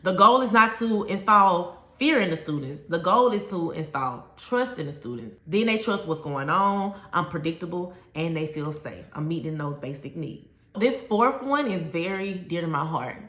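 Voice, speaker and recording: A woman's voice: fairly low pitch, animated, moderate pace, few pauses, fairly bright tone, echoey room. A woman with a Southern US accent giving an emphatic, plain-spoken talk to fellow teachers. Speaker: teacher trainer.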